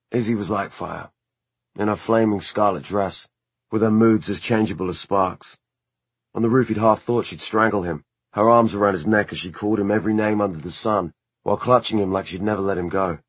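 A man reading an audiobook in a measured, even narration style. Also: on the low side, breathy edge, dry recording.

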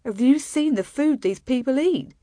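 A woman's voice: high voice, animated, normal speed, dark tone, dry recording, studio quality, pitched above the performer's own voice. A woman voicing a scornful young female warrior who speaks bluntly and sneers. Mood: disgusted.

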